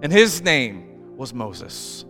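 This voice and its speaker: Bright-voiced pastor in a reverberant hall. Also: male voice, medium pitch, big pitch swings, drawn-out words. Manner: storytelling, conversational preaching with asides. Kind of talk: sermon. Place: church. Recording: reverberant church hall with faint music.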